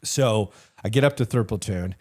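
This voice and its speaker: A middle-aged retired army sergeant major tells war stories in a casual interview, animated and profane, often saying "like" and "you know." His male voice is lowish and husky, at a moderate pace.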